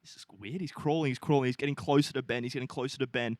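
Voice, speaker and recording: A man's voice: medium pitch, fairly even intonation, racing, a little mellow, no echo. A young man co-hosting a podcast, casually retelling a film plot, swearing freely and acting out the characters' lines. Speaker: podcast co-host.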